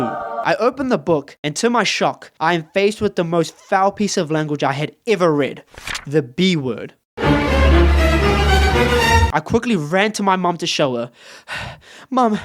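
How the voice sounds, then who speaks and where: A young man telling funny childhood stories in a playful, wry, self-mocking way. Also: high voice. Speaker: storyteller. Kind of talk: comedic storytime narration.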